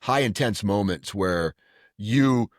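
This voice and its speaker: A man's voice: fairly low pitch, slow, no echo. Rambling middle-aged man, dry close sound. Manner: rambling storyteller with restarts. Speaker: podcast co-host. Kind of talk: casual chat.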